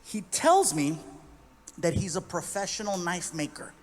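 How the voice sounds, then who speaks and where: A man telling a story on stage in stand-up, animated and acting out other people's voices. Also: high-pitched, unhurried. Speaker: stand-up comedian.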